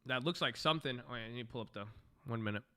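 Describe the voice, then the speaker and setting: A man riffs loosely through a live trading stream, thinking aloud, joking and swearing. His voice is bright and forward, and his pitch is moderate for a man. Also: fast, clear, resonant tone.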